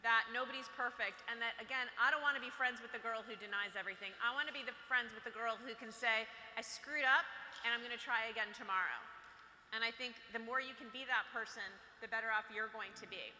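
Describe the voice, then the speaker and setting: A high-voiced woman with a very bright, clear tone gives a chatty, playful motivational talk to girls. She is recorded in a large hall that rings with a long reverb. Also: steady tone, fast, hardly any pauses. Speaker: workshop speaker for girls. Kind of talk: motivational talk to a live audience.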